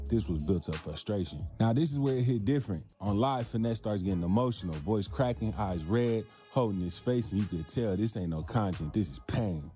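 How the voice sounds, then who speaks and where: A man's voice: fairly low pitch, dark tone. A man giving dramatic, slangy scripted narration.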